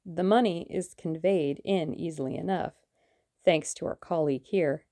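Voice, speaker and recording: A woman's voice: lowish voice, moderate pace, dark tone, no echo, clean studio sound, lightly acted. A woman reading an audiobook, voicing a vehement male rebel conspirator. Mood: fierce.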